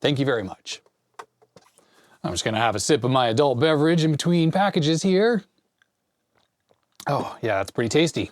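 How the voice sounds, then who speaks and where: A man's voice: mid-range voice, expressive, moderate pace, pauses often, dry recording. A man in his forties chatting casually as host, rambling happily through a mail-call unboxing of vintage parts. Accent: Canadian. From Canada. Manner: chatty and enthusiastic, rambling tech asides. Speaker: channel host. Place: home basement workshop.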